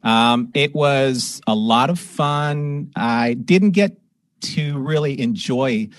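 Brief: man, podcast host, mid pitch, lively anecdote teller, close dry home mic. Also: slow pace, no room sound. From Southern California. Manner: animated storyteller, puts on voices in anecdotes. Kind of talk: casual live-stream chat. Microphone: home desk microphone.

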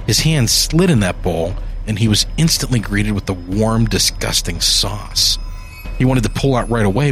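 A man narrating a dark horror story in a measured, deliberate way. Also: lowish voice.

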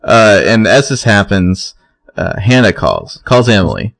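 Deep gravelly man, wry recap. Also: sing-song, a little slow, a bit bright, dry recording. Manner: wry, laid-back storytelling. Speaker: podcast co-host recapping a TV episode. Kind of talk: casual chat.

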